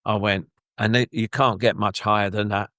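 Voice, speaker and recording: An older man tells his stories in a loose, rambling way, slipping into other people's voices as he goes. His voice sits low, and the recording is dry and close. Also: normal speed, no room sound. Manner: rambling, animated, acts out quoted voices. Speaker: former footballer, guest. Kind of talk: anecdotal interview storytelling.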